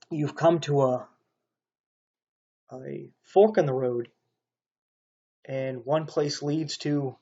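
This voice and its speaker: A man's voice: a little high, darkish tone, highs cut off. A man preaching a rambling, stern sermon monologue, pressing his points with repeated rhetorical asides. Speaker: online preacher.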